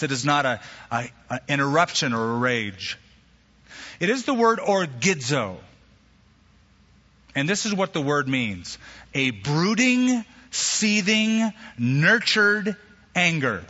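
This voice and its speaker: A man preaching a sermon with a bright, forceful edge to his fairly high voice, his pitch jumping as he drives each point home. The sound is slightly dull, and his voice carries a long echo from the hall around him. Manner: animated preaching with sudden pitch jumps and acted quotes. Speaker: pastor.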